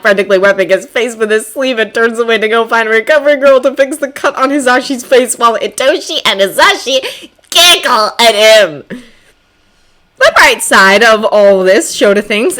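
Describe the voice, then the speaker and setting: A woman narrates fan fiction with an expressive, animated delivery. Her voice sits a bit high and bright, swinging lively through each sentence. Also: moderate pace.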